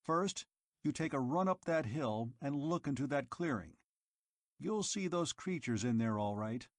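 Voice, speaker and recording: A man's voice: medium pitch, expressive, unhurried, no echo, clean studio sound. A man voicing a stern, elderly keeper who snaps orders angrily in a storybook reading. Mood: curt orders. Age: older. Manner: snapping, angry commands.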